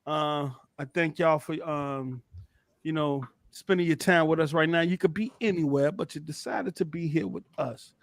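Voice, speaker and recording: Male podcast host, high voice, easygoing banter, dry close mic. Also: normal speed, no room sound. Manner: laughing, shouting out chat names. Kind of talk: casual gaming podcast chat.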